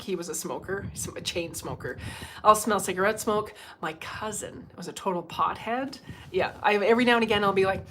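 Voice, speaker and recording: A woman hosting a live stream as a medium, talking in a chatty, animated way with asides to her viewers. Her voice sits at an ordinary middle pitch. A faint hiss runs behind her. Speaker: psychic medium. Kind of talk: casual livestream talk. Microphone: livestream microphone.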